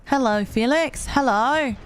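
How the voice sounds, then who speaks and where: A woman's voice: sits high, unhurried. A young woman streaming a game, chatting casually and teasingly with her viewers and laughing often. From Spanish-speaking background. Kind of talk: casual live-stream chat. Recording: soft music playing behind.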